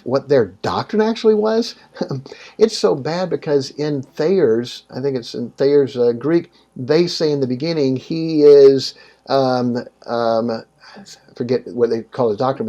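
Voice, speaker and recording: A man speaking in a casual interview conversation, telling stories in an animated way with sudden jumps in pitch. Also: muffled recording.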